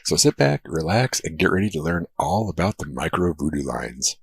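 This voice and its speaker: A man reading a scripted webinar introduction in a calm, smooth announcer delivery. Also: extremely low pitch, moderate pace, dry recording.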